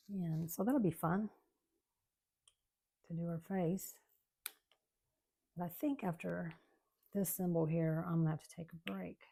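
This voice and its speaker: A woman, chatting casually and rambling softly as she works on a craft at home. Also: lowish voice, unhurried, creaky, pauses often, slight background noise. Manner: chatty, rambling, soft-spoken. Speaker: craft channel host. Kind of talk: casual chat while crafting.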